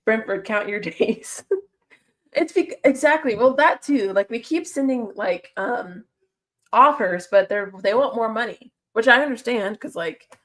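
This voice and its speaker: A woman's voice: fairly high pitch, fairly bright tone. A woman chatting casually on a livestream, answering her chat and laughing often.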